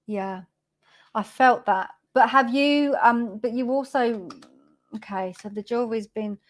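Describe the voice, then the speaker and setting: Lady doing a psychic reading, slow and unhurried, lots of ums, homely chatty way of talking. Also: fairly high pitch. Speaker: spiritual medium giving readings.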